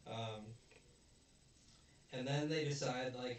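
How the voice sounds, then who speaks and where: A man's voice: mid-range voice, moderate pace. A man hosting a casual film review chat, rambling and searching for words as he acts out quotes. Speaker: video host, film reviewer. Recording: very echoey room, distant mic, faint noise.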